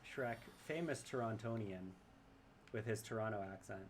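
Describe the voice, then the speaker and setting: A man's voice: on the low side, takes it slowly, a little hiss or hum. A man casually commenting on his gameplay and reading chat aloud, chatty and rambling and often laughing. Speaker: streamer.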